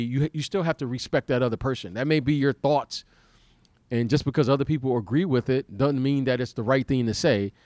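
A man in his fifties, a former basketball player, hosting a casual podcast chat in a halting way, repeating words and laughing often. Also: mid-range voice, a little mellow, dry recording.

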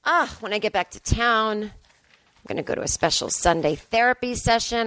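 A woman's voice: on the high side, expressive, normal speed, fairly bright tone, dry recording. A woman in her forties hosting a solo podcast from a hotel room, chatty, sarcastic and self-deprecating as she tells stories. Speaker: podcast host. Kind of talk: casual solo podcast monologue.

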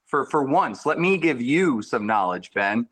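Guy riffing on a podcast, jokey, keeps restarting sentences, mid-pitch ordinary voice. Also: very animated, unhurried, fairly bright tone. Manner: jokey, rambling, frequent restarts. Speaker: comedian guest. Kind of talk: casual comedic chat.

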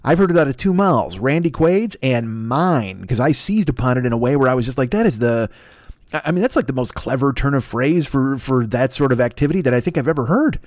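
A man's voice: medium pitch, animated, a little fast, dry recording, clean studio sound. An older man hosting a solo podcast, rambling through crude, self-mocking riffs into a desk mic plugged into a laptop. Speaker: podcast host. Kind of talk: profane solo podcast monologue.

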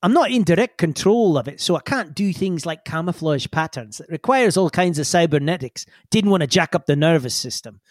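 A confident, flirty woman engineer, voiced by a man in a near-natural voice talks in a breezy, playful way. Her voice sits fairly high and swings around a lot. The room sounds dry and close. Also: animated, fairly quick, few pauses, no room sound.

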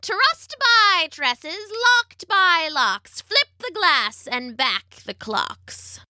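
A spiteful old storybook witch with a strange, pinched timbre, chanting her spells slowly and rising into shrill cries, as a woman reading aloud puts her on. The voice sits well above a plain speaking pitch, bright and sharp, in a dry, close space. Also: very animated, no echo, heavily acted. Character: spiteful old female witch clinging to stolen youth.

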